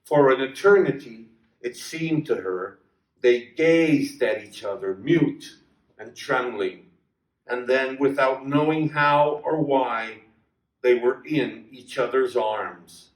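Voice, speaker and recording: A man reading a short story aloud to a reading circle in a measured, deliberate way. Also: mid-range voice. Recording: echoey room, distant mic.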